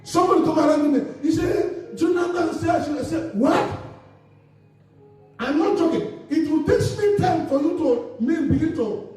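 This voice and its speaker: A man's voice: very high-pitched, moderate pace, darkish tone, soft background music. A male pastor preaching a sermon, asking the congregation to finish his sentences. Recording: echoey hall recorded from far off.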